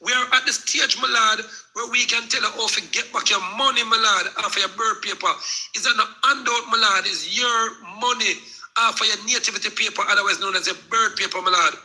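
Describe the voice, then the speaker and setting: A man's voice: sits high, steady tone, fairly quick, bright, forceful tone, low-quality recording. A Jamaican man in a heated live discussion, preaching at length and repeating "my lord" to the other speaker. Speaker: live stream participant.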